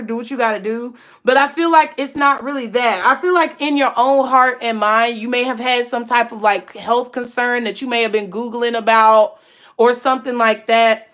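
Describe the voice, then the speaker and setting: A woman with a high voice reads tarot cards in a casual, talkative way. She is emphatic and blunt, and she swears freely. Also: steady tone, normal speed, fairly bright tone. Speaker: tarot reader.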